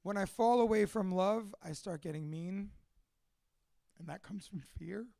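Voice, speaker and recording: A man's voice: high-pitched, a little slow, creaky, dark tone, dry recording, clean studio sound. A man from a Cuban family, a father of two, telling his life story in a candid, profane, emotional monologue. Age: adult with two children.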